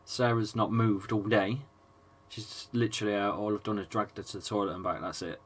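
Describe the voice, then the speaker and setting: A man's voice: lowish voice, steady tone, brisk. An English man in his thirties, sick and chesty, casually commentating a football match live and reading out viewer chat, swearing now and then. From England. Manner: chatty, swears, reads chat aloud between play calls. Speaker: football fan streamer.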